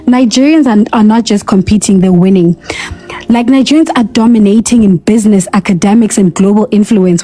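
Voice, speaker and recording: This woman argues on a live-stream panel in a combative, scolding way, with sassy slang. Her voice sits a little high but sounds mellow and warm rather than bright. She comes through a phone mic. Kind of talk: heated live-stream debate.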